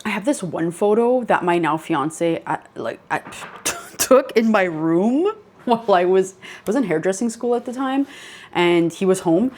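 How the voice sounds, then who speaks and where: A woman's voice: medium pitch, expressive, a little slow, a little mellow, a little hiss or hum. Chatty young woman telling ghost stories. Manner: chatty, many "like" fillers, laughs while telling. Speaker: channel host. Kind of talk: casual storytelling.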